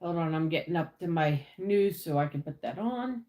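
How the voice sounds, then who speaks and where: A woman's voice: deep voice, animated, normal speed, dark tone, roomy sound. A woman hosting a casual livestream from the United States, greeting viewers by name and chatting about her week. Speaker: livestream host. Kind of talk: casual live chat.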